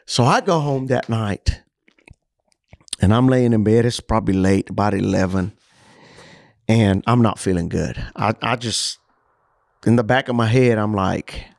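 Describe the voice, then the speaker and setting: A man, a coach, telling his own story as an interview guest, lively and acting out the dialogue. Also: on the low side, measured pace, vocal fry, pauses often, no room sound. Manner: animated, acts out dialogue. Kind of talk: personal storytelling in a podcast interview.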